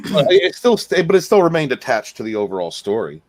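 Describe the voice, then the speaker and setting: Male panelist, jokey and animated, swoops up and down in pitch, dry close mic. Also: a little fast, dry recording. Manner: animated, joking. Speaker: podcast panelist. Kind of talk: casual panel chat.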